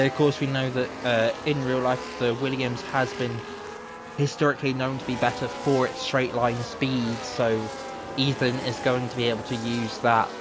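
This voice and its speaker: A man giving chatty live commentary on an online racing league, talking in quick bursts. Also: medium pitch, background noise. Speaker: race commentator.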